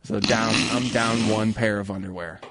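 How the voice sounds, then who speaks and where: A young man co-hosting a radio show, telling a story in a casual, animated way. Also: lowish voice, moderate pace, noisy background. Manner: animated, acts out voices in his stories.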